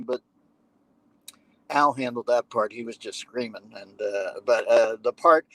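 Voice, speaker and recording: A man's voice: medium pitch, dry recording, poor audio. Wisecracking man telling a story. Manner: animated anecdote-teller who acts out what others said; profane, wisecracking asides. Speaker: podcast guest. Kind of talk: conversational storytelling.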